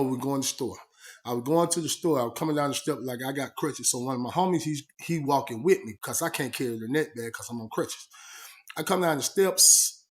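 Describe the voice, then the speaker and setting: Slangy man telling a story. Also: mid-range voice. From Georgia, USA. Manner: slangy, conversational, retells talks by voicing both sides. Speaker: storyteller recounting prison life. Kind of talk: casual spoken storytelling.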